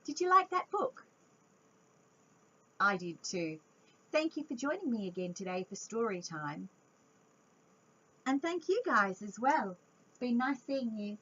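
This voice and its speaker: A woman reads a picture book to small children in a slow, lively voice that leaps up and down. Her tone is soft and breathy and sits a little high. The recording is dull and lo-fi. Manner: animated and expressive, talking to young listeners. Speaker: children's storytime reader.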